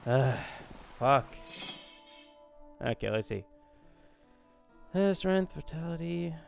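Excitable joking gamer, lively pitch. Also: male voice, slow, gravelly, long pauses, soft background music. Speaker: gaming video host. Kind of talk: casual let's-play commentary.

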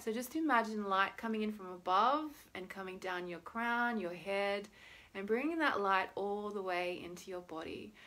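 A woman's voice: a little high, sharp tone. A young woman leading a guided tapping meditation with soothing, instructive talk and long sighs.

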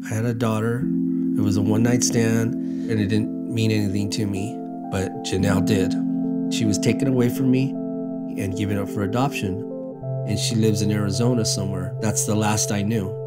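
A man's voice: fairly low pitch, steady tone, normal speed, loud music behind the voice. Plain-spoken middle-aged man. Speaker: interviewee. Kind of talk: documentary interview.

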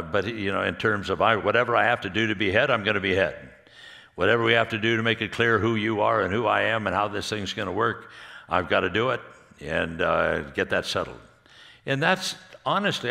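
Man, gravelly low voice, bright edge, conversational sermon, long church reverb. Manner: rambling, halting, laughs often while telling stories. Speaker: pastor speaking at a marriage conference. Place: church hall.

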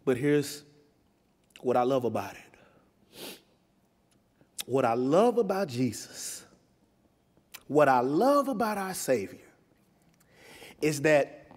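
A man pastor preaching a sermon in a church, impassioned, swinging between quiet reflection and loud urgency. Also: mid-range voice, sing-song, slow, pauses often, in a large hall. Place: church sanctuary.

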